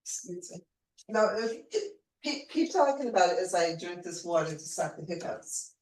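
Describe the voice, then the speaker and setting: A woman's voice: fairly low pitch, very animated, normal speed, darkish tone. A woman hosting a casual conversational interview, chatty and restarting her phrases, with the hiccups. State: has the hiccups.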